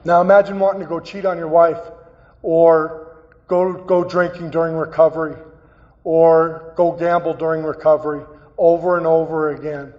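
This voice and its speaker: A man giving a personal, earnest recovery talk as a guest speaker, halting and repeating phrases as he tells his story. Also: a little high, level tone. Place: meeting hall. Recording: dull, echoey hall recording.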